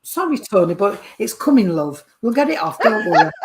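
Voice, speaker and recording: A woman's voice: a little high, very noisy. Chatty woman medium. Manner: chatty, warm terms of address, keeps checking with the sitter. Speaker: spiritualist medium. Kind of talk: mediumship reading to a sitter.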